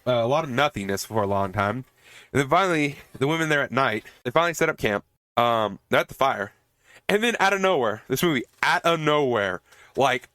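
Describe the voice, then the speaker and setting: A man's voice: mid-range voice, fairly bright tone, no echo. A man hosting a podcast, casually recapping a horror movie with frequent laughter and swearing, acting out the characters' lines. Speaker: podcast host reviewing a movie.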